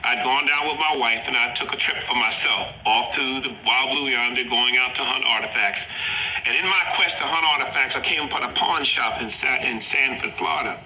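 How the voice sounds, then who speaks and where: A man recounting a personal encounter in a halting storytelling manner, often repeating "he said". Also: medium pitch, sharp tone. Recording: echoey room with faint noise.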